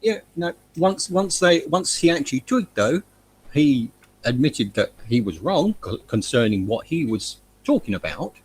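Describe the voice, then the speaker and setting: A man joining a casual online hangout as a guest, speaking hesitantly with many pauses and restarts. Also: on the high side, sing-song, slight background noise. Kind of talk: casual live hangout chat.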